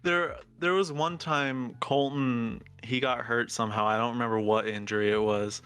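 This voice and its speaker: Young male co-host, easygoing and chatty, bright, crisp voice. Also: mid-range voice, fairly even intonation, moderate pace. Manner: easygoing, laughs along while telling a story. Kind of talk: casual chat.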